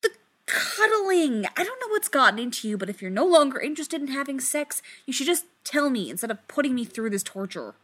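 A woman voicing an anxious, excitable man who gets close to hysterical when flustered. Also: very slow, dry recording, full character voice. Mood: agitated. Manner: high-strung, rising to near-hysterical.

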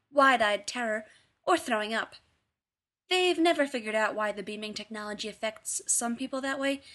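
Woman reading a story, fairly high voice. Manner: expressive, shifting tone for characters. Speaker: reader. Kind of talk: scripted narration of fan fiction.

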